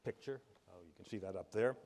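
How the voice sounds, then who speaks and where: A man with a Boston accent giving a measured, warm tribute speech at a gala, turning fumbling when he improvises. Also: on the low side. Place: large event hall. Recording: reverberant hall.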